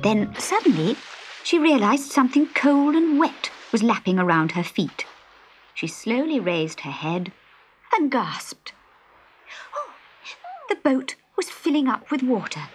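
Animated woman reading a children's story. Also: a little high, measured pace. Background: background music.

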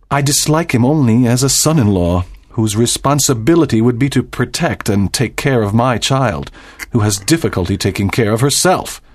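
A man voicing a stern, proud doctor and father in a dramatized audiobook, speaking formally and with emphasis. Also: mid-range voice.

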